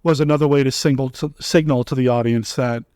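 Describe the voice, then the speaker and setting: Lively man chatting about old films. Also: mid-range voice, quick pace, clear, resonant tone, no room sound, studio quality. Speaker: podcast host. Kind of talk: casual film discussion.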